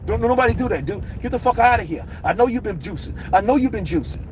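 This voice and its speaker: A man doing an impression of a brash, hot-tempered heavyweight boxer who yells profane taunts and swaggering boasts. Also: high-pitched, expressive, fast, a little hiss or hum, pitched above the performer's own voice. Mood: taunting.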